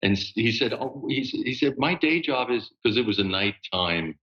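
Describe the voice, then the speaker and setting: Animated man telling stories with a laugh. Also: mid-range voice, normal speed, muffled recording. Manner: animated, laughing storyteller with lots of fillers. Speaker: guest voice actor. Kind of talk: casual interview storytelling.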